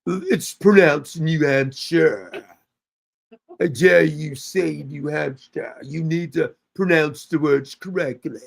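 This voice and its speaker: A man mimicking a prim woman who corrects pronunciation in a put-on British manner, with slow, over-careful enunciation. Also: a little high, vocal fry, heavily acted. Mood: fussy.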